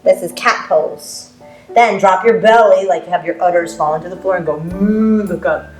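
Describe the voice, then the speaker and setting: A woman's voice: on the low side, moderate pace, roomy sound, soft background music. A woman teaching a family yoga class, upbeat and playful, making animal sounds as she guides poses.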